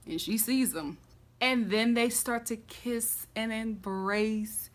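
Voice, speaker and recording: A woman giving a casual, animated and sassy recap of a TV episode, full of dramatic reactions. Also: on the high side, normal speed. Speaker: recap vlogger.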